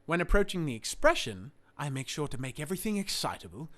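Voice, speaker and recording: A man from Australia explaining voice acting in a formal, deliberate scripted tutorial. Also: fairly high pitch, very animated, a bit bright.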